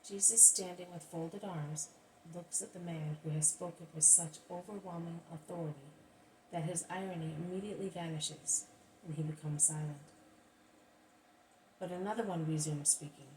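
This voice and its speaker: A low-voiced woman reading an audiobook. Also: steady tone, moderate pace, warm tone. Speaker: narrator. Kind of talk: audiobook reading of a religious text. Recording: distant mic, faint background hiss.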